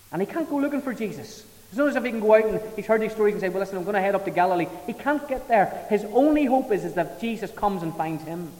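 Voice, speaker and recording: A man preaching a sermon, emphatic, swelling to loud peaks and falling back soft. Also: fairly high pitch. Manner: emphatic, rising to loud dramatic peaks, then dropping soft. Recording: reverberant hall.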